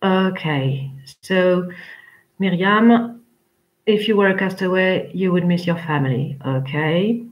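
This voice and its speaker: A woman teaching an English class online, chatty and rambling, with frequent pauses as she talks to her students. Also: on the low side, muffled recording.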